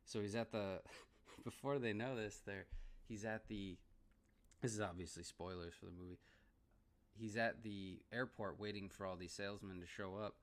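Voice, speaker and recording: A man's voice: lowish voice, fairly even intonation, moderate pace. A man giving a casual movie review, rambling and laughing often as he restarts his sentences.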